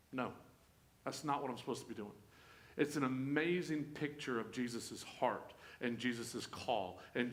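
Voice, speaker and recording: A man's voice: fairly high pitch, fairly bright tone. A man leading a church Bible study, in a folksy, joking, conversational way. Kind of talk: conversational sermon. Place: church room. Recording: echoey room.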